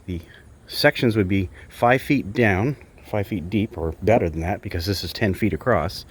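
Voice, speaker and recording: Filming on a handheld camera, a bird sanctuary keeper strolls his backyard beside an aviary for a casual walk-and-talk vlog, with noisy outdoor sound around him. His deep voice has a breathy edge, moving at normal speed as he rambles and corrects himself.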